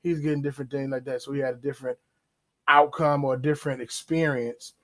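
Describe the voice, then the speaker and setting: A man hosting a podcast, talking casually about faith with drawn-out emphasis and acted-out asides. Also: medium pitch, fairly even intonation, a bit bright. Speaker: podcast host. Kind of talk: casual religious commentary.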